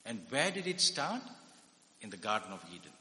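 A man's voice: on the low side, huge pitch swings, moderate pace, bright, forceful tone. A man preaching a conversational sermon, often putting questions to his listeners. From India. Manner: conversational, asks the audience questions. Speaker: preacher and psychiatrist. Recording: echoey hall.

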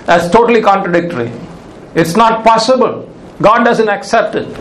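A man's voice: high-pitched, lively intonation, moderate pace, echoey room, poor audio. A male pastor preaching a sermon, emphatic and repeating his key phrases.

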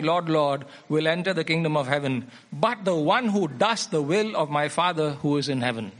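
A man with a fairly high voice preaches a sermon, reading Bible passages and then hammering points home by repeating them. His tone is bright and forceful, his delivery emphatic and teacherly.

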